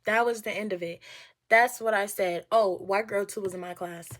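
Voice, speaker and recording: A woman in her twenties telling a storytime in a casual, profane, animated way, acting out what others said. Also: medium pitch, normal speed. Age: 20s. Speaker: storytime vlogger.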